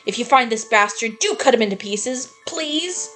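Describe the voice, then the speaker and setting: A woman's voice: a little high, lively intonation, moderate pace, a bit bright, soft background music, voice pushed up. A woman reading out an angry male gang member. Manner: reads game dialogue aloud plainly, heated curses.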